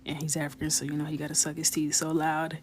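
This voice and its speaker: A woman in her thirties chatting casually and jokingly while coloring on a livestream, often dropping into soft whispers. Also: low voice, monotone, fast, crowd noise.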